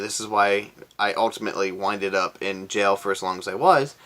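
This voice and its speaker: A man's voice: on the low side, moderate pace, hardly any pauses, bright, forceful tone. A young man from Florida telling a story to camera in a casual, profane, laid-back way, often raising his voice to quote himself. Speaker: vlogger.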